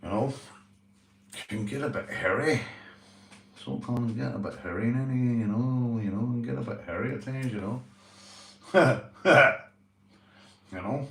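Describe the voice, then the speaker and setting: A man's voice: medium pitch, measured pace, vocal fry, pauses often, fairly bright tone. A Northern Irish man in casual vlog chat, rambling and swearing, often saying "you know". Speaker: vlogger, police auditor. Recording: roomy, from a distance.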